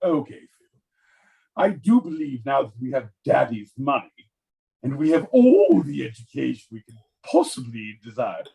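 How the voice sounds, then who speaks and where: A man's voice: mid-range voice, sing-song, moderate pace, creaky, warm tone, slightly rough, heavily acted. A man putting on a British accent to play a pompous, snobbish older brother. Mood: smug. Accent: put-on British. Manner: pompous, affected. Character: pompous posh young British gentleman.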